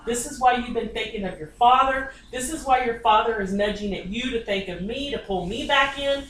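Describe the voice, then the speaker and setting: A woman's voice: on the high side, brisk, a little hiss or hum. A woman psychic medium giving a reading in someone's home, talking bluntly and insistently and swearing often. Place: inside a private home. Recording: echoey room, distant mic, faint ambience.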